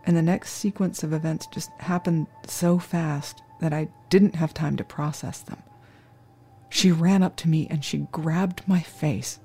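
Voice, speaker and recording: A crime scene worker telling a true crime story in the first person, with a measured, solemn delivery. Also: mid-range voice, creaky, mellow, slightly rough.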